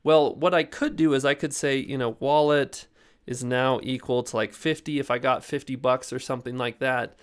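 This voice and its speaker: A man's voice: mid-range voice, fairly even intonation, moderate pace, smooth. A young man giving a casual coding lesson, talking loosely with lots of "like" and "you know" as he explains step by step. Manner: loose and chatty, heavy with fillers like "like" and "you know". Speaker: programming instructor.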